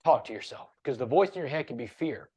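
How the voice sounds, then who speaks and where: A man's voice: medium pitch, expressive, quick pace, warm tone, breathy edge. A man, a motivational speaker and podcast guest, talking in an earnest, emphatic, preachy way. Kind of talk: casual interview chat.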